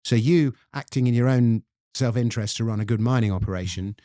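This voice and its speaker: A man's voice: mid-range voice, fairly quick, warm tone, dry recording, studio quality. A man with an English accent, a guest author explaining history in a podcast interview with storytelling emphasis. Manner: storytelling, reads quotes aloud with emphasis.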